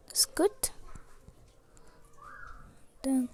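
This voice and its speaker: A woman playing a video game, reacting with frequent excited exclamations and gasps. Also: sits high, slow pace, pauses often. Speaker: game player. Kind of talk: gaming commentary.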